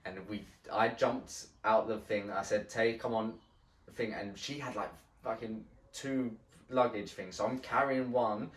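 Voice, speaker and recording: A man's voice: on the low side, fairly even intonation, fairly bright tone. Man telling a story, roomy and distant. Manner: halting and profane, with frequent restarts. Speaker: podcast co-host telling a story. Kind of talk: casual storytelling. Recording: roomy sound from a distant mic.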